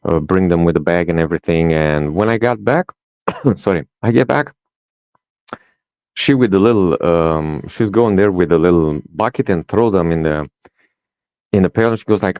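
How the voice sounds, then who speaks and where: This life coach from Romania, a native Romanian speaker with a deep voice, shares personal stories as a podcast guest at a normal speed with long pauses. He acts out the dialogue with animation and often adds a "right?" to his lines. There's no room sound, and the audio is dull and dry.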